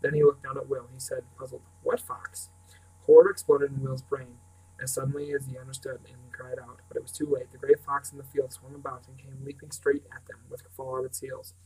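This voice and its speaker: A man's voice: medium pitch, flat delivery, a little fast, warm tone, husky, poor audio. A man reading a novel aloud as narrator, now and then stumbling and restarting words. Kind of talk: audiobook reading.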